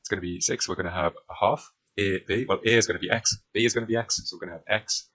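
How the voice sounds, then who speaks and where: A British-accented man tutors through a maths exam question, drawing on a diagram as he talks and using frequent fillers. His voice is on the low side, fast, fairly bright, and fairly even, though the recording quality is low.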